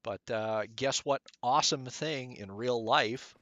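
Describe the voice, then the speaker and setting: A man streaming a game, chatting casually and rambling as he thinks out loud. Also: mid-range voice, a little slow, dry recording, dull audio. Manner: mutters at the game.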